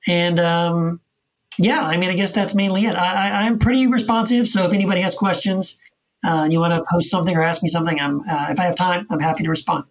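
An author guest speaking in relaxed conversation. He talks earnestly and emphatically, circling back and repeating words to hammer his point home. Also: sits high, fast. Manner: earnest, repetitive emphatic explaining. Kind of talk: casual conversational interview. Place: Texas.

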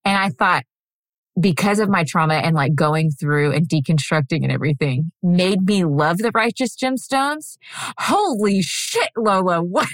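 Brief: woman co-host, lower voice, dry close sound, goofy rambling chat. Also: animated, moderate pace, no room sound. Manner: rambling, goofy, swears freely. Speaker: podcast co-host. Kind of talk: casual chat.

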